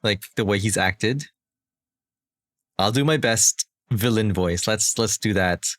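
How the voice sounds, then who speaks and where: A man's voice: lowish voice, slow pace, fairly bright tone, no echo. A man streaming a game, chatting casually in a rambling way with many restarts and frequent laughs. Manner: rambling, lots of fillers and restarts, laughs often. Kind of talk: casual gameplay commentary.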